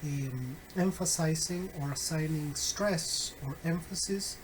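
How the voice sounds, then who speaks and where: A man teaching phonetics in a recorded online lesson, deliberate and full of fillers and self-corrections, with wry, friendly asides to his students. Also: fairly high pitch, slight background noise, low-quality recording.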